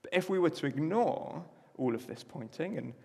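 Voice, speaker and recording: Male preacher, chatty and self-mocking, slightly high voice, echoey church hall. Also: expressive, normal speed, vocal fry, warm tone, breathy edge. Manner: chatty, self-deprecating asides. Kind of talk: sermon.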